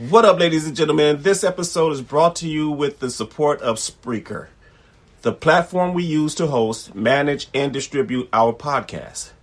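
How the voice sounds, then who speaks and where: A man's voice: fairly high pitch, moderate pace. A man co-hosting a podcast in casual chat, joking and slangy, with frequent backchannels. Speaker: podcast co-host.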